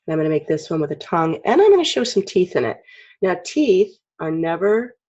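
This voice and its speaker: Casting: low, husky woman teacher, frog in her throat, chatty and clearing her throat; dull lo-fi recording. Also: big pitch swings, fairly quick, dark tone. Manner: chatty, clears throat often, acts out expressions. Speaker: drawing teacher. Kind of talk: casual drawing tutorial.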